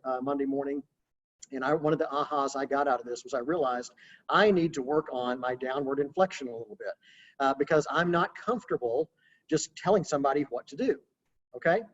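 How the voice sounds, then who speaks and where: Casual real estate trainer on a webinar. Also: male voice, a little high, lo-fi sound. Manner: casual, conversational, practical coaching. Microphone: video call.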